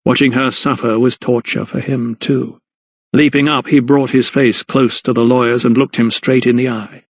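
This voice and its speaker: This is a man reading an audiobook aloud in a steady, measured way. His voice sits in the mid-range, the recording has no echo, and the narration is scripted.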